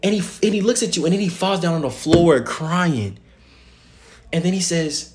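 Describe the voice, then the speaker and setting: A young man giving an impassioned, casual faith message, swinging between loud excited bursts and hushed storytelling. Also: sits high, moderate pace, slight background noise.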